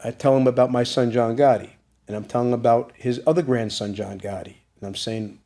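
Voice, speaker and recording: A man's voice: mid-range voice, fairly even intonation, brisk, dark tone. Guy retelling a heavy family story, gets worked up and pleading, new sound. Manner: emotional retelling, voice rising to an urgent plea. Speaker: guest. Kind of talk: storytelling in an interview.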